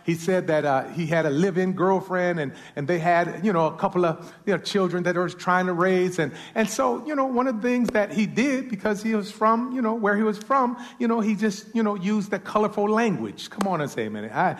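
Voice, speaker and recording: A man's voice: high voice, brisk, few pauses, in a large hall. A man preaching a sermon as a pastor, often repeating words and calling for amens from the congregation.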